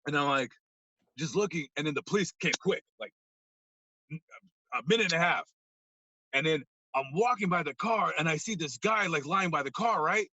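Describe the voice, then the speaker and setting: A man telling a story as a podcast guest, acting out voices and swinging from loud outbursts to low mumbles. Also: lively intonation, moderate pace, long pauses, breathy edge, no room sound, lo-fi sound. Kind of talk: animated storytelling. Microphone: podcast mic.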